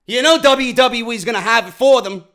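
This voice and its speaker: A man from New York tears into a wrestling show in a profane rant. His voice sits very high and sounds sharp and bright, and he hammers the same questions again and again, rising to shouts. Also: moderate pace. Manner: profane, heated, repeats questions, often shouting. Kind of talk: ranting show review.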